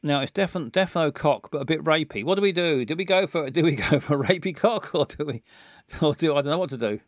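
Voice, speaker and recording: A man's voice: fairly high pitch, animated, fairly quick, no echo, studio quality. A man, giving bawdy, joking commentary on a game stream.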